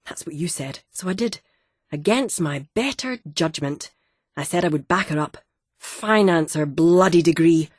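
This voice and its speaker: A woman voicing a short-tempered middle-aged landowner father who rants loudly and indignantly in an audiobook. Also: on the low side, measured pace, no echo, studio quality. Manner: loud, indignant ranting with heavy swearing.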